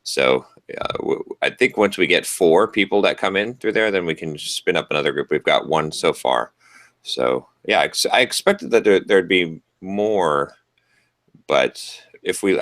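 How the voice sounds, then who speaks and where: Very deep, bright-toned man hosting a podcast. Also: normal speed, no room sound, clean studio sound. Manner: hesitant, trailing off with restarts and laughs. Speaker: podcast co-host. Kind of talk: casual podcast chat.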